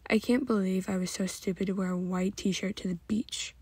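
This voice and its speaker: A woman's voice: medium pitch, steady tone, normal speed, a little mellow, slightly rough, no room sound. A woman reading fan fiction aloud in a plain, unpolished way with occasional slips. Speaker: reader.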